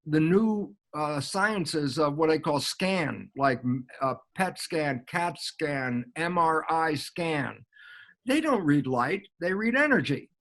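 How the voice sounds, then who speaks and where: Older man, high-pitched voice, animated lecture-style explaining, acts out dialogues with himself. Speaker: guest biologist.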